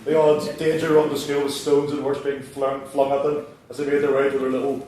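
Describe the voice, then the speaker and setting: A man's voice: mid-range voice, little pitch movement, a little fast, darkish tone, a little hiss or hum. A man with a Belfast accent telling stories on stage, in a dry, sardonic and self-mocking way. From Northern Ireland. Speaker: writer performing a solo show. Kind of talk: stand-up storytelling. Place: large theatre hall. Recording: echoey hall, from far off.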